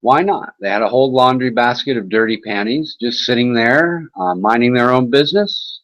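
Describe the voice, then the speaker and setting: A man's voice: mid-range voice, moderate pace, a bit bright, highs cut off. A man hosting an internet talk show, chatting in a casual, rambling way with mocking sarcasm and swearing.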